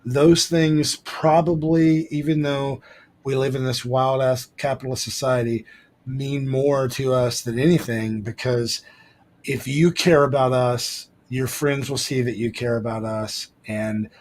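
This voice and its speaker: A man's voice: mid-range voice, fairly even intonation, unhurried, darkish tone, poor audio. A man co-hosting a live show, talking casually and loosely, with many ums and restarts as he thanks and appeals to listeners. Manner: rambling with many fillers and restarts. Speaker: podcast co-host. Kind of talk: casual livestream chat.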